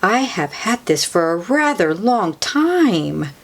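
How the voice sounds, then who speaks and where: Bumbling, sheepish storybook father pig, slow and patient, read by a woman. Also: mid-range voice, big pitch swings, exaggerated voice.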